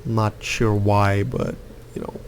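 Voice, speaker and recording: A man's voice: lowish voice, little pitch movement, unhurried, vocal fry, slight background noise. A man giving casual, rambling commentary over gameplay as a hardware reviewer, full of fillers and repeated words.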